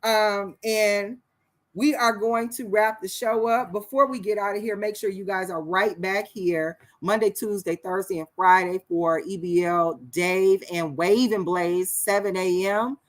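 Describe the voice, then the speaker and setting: A woman hosts a casual show and gives frank life advice at a mid-range pitch. She talks candidly, a little preachy, and works through her points with a few fillers. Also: steady tone, measured pace. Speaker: show host.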